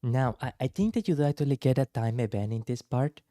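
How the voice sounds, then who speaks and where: Hoarse man chatting through a game. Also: medium pitch, a little fast, dark tone, no room sound, studio quality. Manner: chatty, self-interrupting, bilingual asides. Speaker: streamer. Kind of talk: casual gameplay chat.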